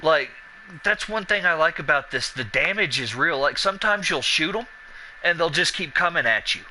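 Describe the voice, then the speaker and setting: A man's voice: on the high side, normal speed, slight background noise, poor audio. A man chatting casually over gameplay, swearing freely and acting out the people in his stories. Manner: profane, animated, acts out quoted dialogue. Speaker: gameplay commentator. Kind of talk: casual let's-play chat with storytelling.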